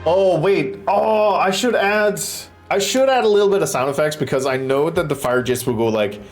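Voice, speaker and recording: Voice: mid-range voice, animated, moderate pace, soft background music. A streamer chatting on a live stream while building a stage, swearing freely and making goofy sound effects.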